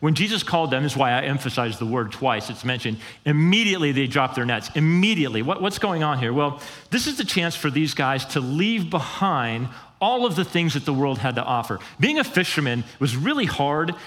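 Man preaching in a reverberant church. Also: a little fast. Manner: animated, conversational, acts out quotes with pitch jumps. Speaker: pastor. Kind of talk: sermon. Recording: long hall reverb.

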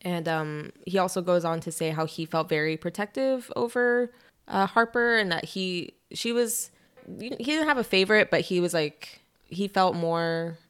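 A woman's voice: lowish voice, smooth. Young woman retelling a novel's plot. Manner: animated storyteller, quick asides, lots of "like". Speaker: podcast co-host retelling a novel. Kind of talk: casual chat.

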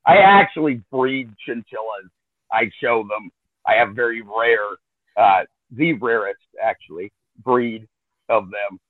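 A man's voice: mid-range voice, measured pace, no room sound, phone-quality sound. A man chatting casually as a guest, drawling and hesitant with frequent fillers. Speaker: guest, chinchilla breeder. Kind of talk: casual chat.

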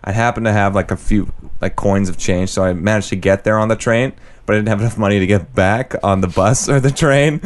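Young canadian guy rambling through a story, lots of "like", kinda low voice. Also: brisk, slight background noise. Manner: rambling storyteller, heavy use of "like". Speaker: podcast co-host. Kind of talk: casual chat.

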